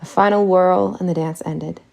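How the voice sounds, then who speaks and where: A woman narrating a first-person audiobook in a steady, intimate storytelling manner. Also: lowish voice, moderate pace, vocal fry.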